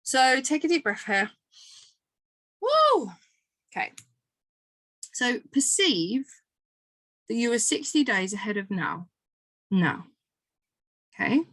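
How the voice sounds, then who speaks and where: A woman's voice: a little high, expressive, takes it slowly, pauses often, a bit bright, dry recording. Emphatic woman coaching in a dry voice. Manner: emphatic, repetitive, swears freely. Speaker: manifestation coach. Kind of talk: motivational coaching talk.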